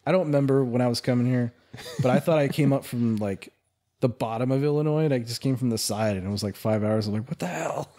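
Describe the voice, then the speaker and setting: A young man from California talks loosely on a podcast, wandering through anecdotes and breaking into laughter as he goes. His voice sits at an ordinary middle pitch, relaxed and conversational. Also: fast. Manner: chatty, laughs often, rambling storyteller. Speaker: podcast co-host. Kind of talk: casual chat.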